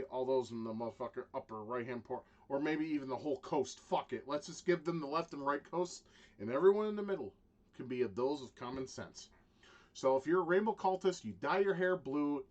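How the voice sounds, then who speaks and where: Profane ranting man, loud-quiet swings. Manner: profane, swings from low muttering to loud shouting; halting, with many restarts. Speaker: vlogger. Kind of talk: ranting monologue.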